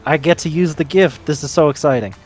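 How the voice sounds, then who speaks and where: A man's voice: on the high side, a little fast, faint music behind. A man taking part as a player in a tabletop role-playing game, chatty and eager, laughing easily. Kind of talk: casual tabletop role-play.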